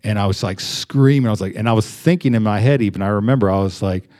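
A man's voice: lowish voice, quick pace, a little mellow. Casual-talking young man preaching. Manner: conversational, with many fillers and restarts. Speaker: pastor. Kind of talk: sermon.

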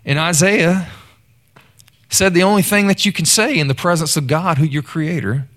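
A man's voice: fairly high pitch, moderate pace, a bit bright. A man preaching a sermon in a conversational storytelling way. He often repeats words and calls out to the congregation.

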